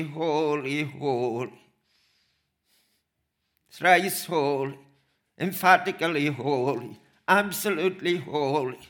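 A man preaching a sermon, slow and emphatic, repeating phrases for weight. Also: fairly high pitch, bright, forceful tone.

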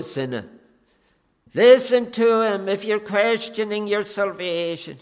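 A man preaching a sermon, earnest and pleading, with long pauses between phrases. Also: sits high, animated. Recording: long reverb of a church hall.

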